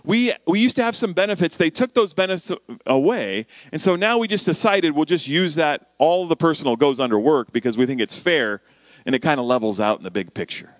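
A man's voice: fairly high pitch, lively intonation, brisk, no room sound, lightly acted. A man voicing an impatient male office boss who scolds an employee, inside a sermon story. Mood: insistent. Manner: pushy, scolding.

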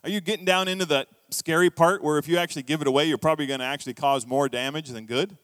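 A middle-aged man preaching a sermon in a church, telling stories with lively acted-out quotes. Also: on the high side, fast talker, no echo, in a large hall. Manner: storytelling, animated, acts out quoted voices. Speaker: pastor. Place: church hall.

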